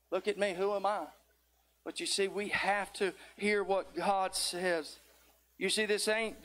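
High-voiced preacher. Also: male voice, fairly bright tone. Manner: folksy, with rising fervent exhortation; tired near the end. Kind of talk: sermon.

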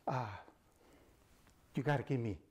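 A frantic elderly scientist, acted by a man, begs for more time in loud, stammering bursts. His voice rises above a slow, husky storyteller's tone. He sounds desperate in every line. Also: mid-range voice. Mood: pleading. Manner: pleading, rapid stammering protests. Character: startled, pleading elderly male scientist.

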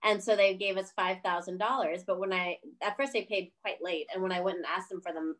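A woman film director telling a story in a casual interview, animated, laughing often, swearing freely and acting out what others said. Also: fairly low pitch, brisk.

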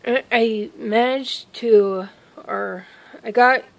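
Filming herself on a handheld phone out in a yard, a woman vlogger tells a rambling, casual story full of exclamations and self-interruptions. Her voice is slightly high, slow, and creaky, and the audio quality is poor.

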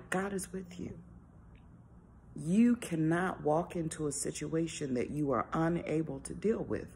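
A woman's voice: deep voice, gravelly, dark tone, a little hiss or hum. A woman giving an informal devotional talk, earnest and conversational, asking rhetorical questions. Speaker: devotional speaker.

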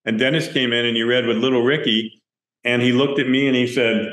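In an interview with roomy echo, a film director with a mid-range voice tells stories from the set a little fast. He's an animated storyteller who acts out the quoted dialogue as he goes.

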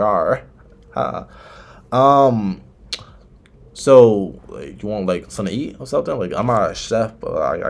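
A man's voice: medium pitch, creaky, very noisy. A man in his twenties casually chatting and teasing strangers on a video chat. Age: 20s. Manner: teasing, joking, mock offended.

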